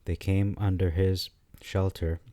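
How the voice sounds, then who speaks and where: Man, low warm voice, casual study-style commentary, halting delivery. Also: flat delivery, no room sound. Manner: thinking aloud, halting with frequent fillers and restarts. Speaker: scripture commentator.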